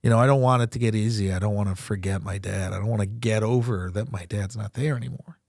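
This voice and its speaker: A man's voice: lowish voice, quick pace, vocal fry, a little mellow, dry recording, clean studio sound. A young man, a comedian and podcast host, talking candidly and profanely about grief, rambling and laughing through it. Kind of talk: candid casual talk.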